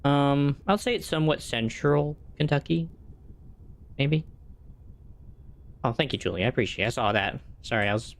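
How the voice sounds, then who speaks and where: A man's voice: medium pitch, animated, normal speed, long pauses. A man streaming a game, chatting casually and answering his chat as he plays. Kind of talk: casual chat while gaming.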